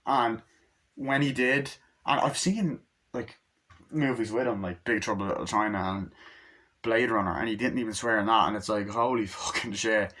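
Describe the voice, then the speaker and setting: An excited young man giving a casual movie review into his phone, swearing often and acting out scenes. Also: lowish voice. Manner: excited, swears a lot, acts out scenes with quick voices.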